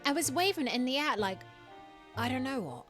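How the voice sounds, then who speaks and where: A woman voicing a young, scrappy street girl from London with a put-on cockney accent, telling her story in quick, nervous bursts. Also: sits high, expressive, fairly bright tone, soft background music, pitched above the performer's own voice.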